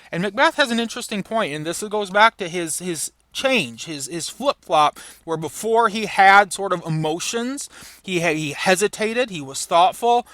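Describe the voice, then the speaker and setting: Male lecturer, slightly high and bright voice, patient explaining, dry close sound. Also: no echo. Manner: explains patiently, reads passages aloud and paraphrases them. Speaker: literature lecturer. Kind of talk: recorded lecture.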